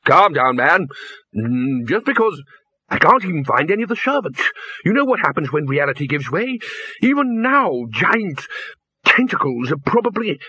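A man's voice: on the high side, sing-song, moderate pace, sharp tone, husky, no echo, pitched above the performer's own voice, heavily acted. A man voicing a blustering old male head wizard who bellows and stammers, on a slightly dull recording. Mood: blustery.

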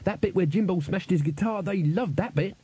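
A man voicing an excitable, proud young male band member who talks eagerly. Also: sits high, a little fast, slightly rough, dry recording, voice pushed up. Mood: excited. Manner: eager, boastful.

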